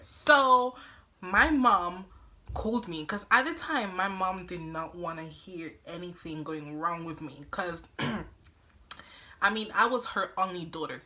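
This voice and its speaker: A young woman vlogger telling a personal story, animated and dramatic, acting out what everyone said. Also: on the low side, slight background noise. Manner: animated, dramatic retelling with acted-out quotes. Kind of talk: storytime vlog.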